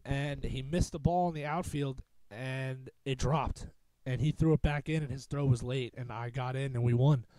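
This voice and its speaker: A man's voice: mid-range voice, steady tone, moderate pace, hardly any pauses, mellow, no room sound. A young man hosting a podcast, telling a long rambling story in a casual, profane, self-mocking way. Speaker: podcast host.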